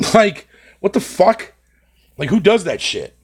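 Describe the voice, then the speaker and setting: A man's voice: high voice, sing-song, slow pace, slightly rough. Swearing, ranting male streamer. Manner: venting, heavy swearing, rambling; frequent filler phrases. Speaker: live streamer. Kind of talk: casual live-stream chat.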